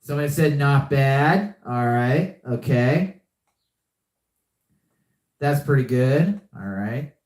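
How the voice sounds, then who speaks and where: A man's voice: medium pitch, lively intonation, slow pace, pauses often, a little mellow, echoey room. A young man hosting a live podcast, chatting casually and often repeating himself. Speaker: podcast host. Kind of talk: casual live-stream chat.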